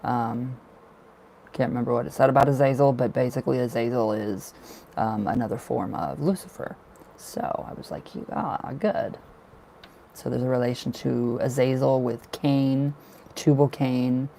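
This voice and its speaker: Gravelly-voiced man chatting on a livestream. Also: medium pitch, fairly even intonation, normal speed, warm tone, slight background noise, low-quality recording. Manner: chatty, laughs often, talks about occult practice. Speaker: livestream tarot reader. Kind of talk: casual livestream chat.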